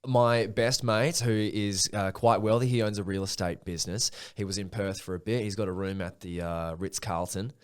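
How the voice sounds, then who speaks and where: A man from Australia, a marriage celebrant, telling stories in a relaxed, rambling way with swearing. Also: on the low side, normal speed, hardly any pauses, smooth. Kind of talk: casual storytelling.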